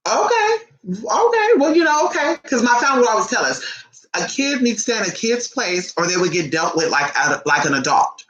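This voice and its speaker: A young adult woman telling a family story casually, animated and profane, acting out the people she quotes. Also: fairly low pitch, a little fast. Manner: animated, profane, acts out quotes in shifting voices. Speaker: vlogger. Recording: echoey room.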